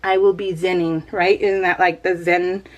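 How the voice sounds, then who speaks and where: A woman's voice: lowish voice, level tone, normal speed. A woman from Northern California chatting casually over her crafting video, rambling to her viewers and giggling often between phrases. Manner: rambling, talks straight to viewers. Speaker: crafting vlogger.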